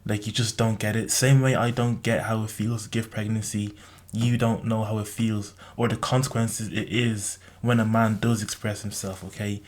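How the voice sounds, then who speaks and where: A man's voice: lowish voice, level tone, normal speed. A young man giving a blunt, rambling opinion monologue in a casual vlog, constantly saying "like" and tagging on "okay?". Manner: rambling, heavy use of "like" and tag "okay?"; blunt, lecturing. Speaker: vlogger.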